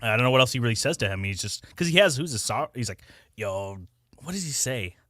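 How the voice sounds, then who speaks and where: A man's voice: medium pitch, expressive, fairly quick, a bit bright, no echo, clean studio sound. A man co-hosting a livestream in casual, joking banter, laughing and trying out impressions. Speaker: co-host.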